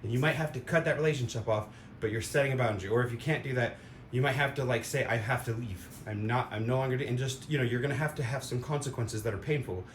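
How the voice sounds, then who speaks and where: A man giving a casual, rambling opinion monologue, full of fillers and sound effects. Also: fast. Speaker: vlogger. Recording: roomy echo with faint rumble.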